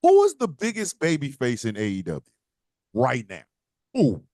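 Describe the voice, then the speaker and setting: A man's voice: mid-range voice, huge pitch swings, normal speed, dark tone, no room sound, clean studio sound. A man co-hosting a casual wrestling podcast, ranting with profanity and slipping into mock voices. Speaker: podcast co-host.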